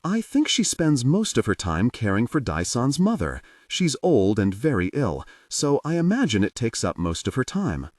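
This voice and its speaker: A composed young warrior mother, read by a man speaks gently with a playful edge. Her pitch swings widely through her lines. The audiobook sound is dry and set a little back from the mic. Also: huge pitch swings, moderate pace, few pauses, dry recording, distant mic. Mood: gentle.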